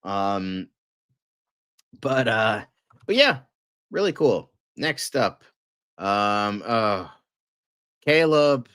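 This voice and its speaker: A man hosting a casual fan news livestream, excitable and rambling, with lots of fillers and frequent swearing. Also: on the low side, very slow, long pauses, smooth, no echo, studio quality.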